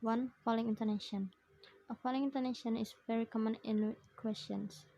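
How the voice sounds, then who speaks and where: A young woman student reading her prepared phonetics assignment aloud, in short measured phrases. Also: a little high, fairly even intonation, vocal fry, dark tone, no echo, poor audio.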